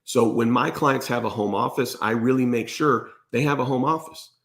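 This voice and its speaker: Male accountant host, mid-pitched, blunt and emphatic. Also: normal speed, a bit bright. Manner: emphatic and blunt, repeats "okay?". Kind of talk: direct-to-camera tax advice.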